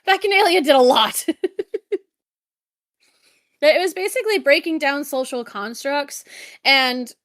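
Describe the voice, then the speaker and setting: A woman podcast co-host who chats and reads notes with frequent giggles, stumbles and casual swearing. Her voice is high. The sound is dry, with no room echo. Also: slow, long pauses, fairly bright tone. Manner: giggly, stuttering, swears freely. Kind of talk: casual chat and reading notes.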